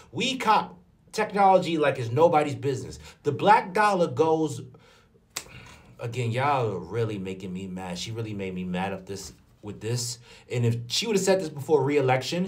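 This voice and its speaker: A man from New York giving an indignant, animated commentary rant. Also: on the high side. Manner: indignant, rhetorical questions, animated. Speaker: commentary vlogger. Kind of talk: ranting commentary. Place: in front of a green screen.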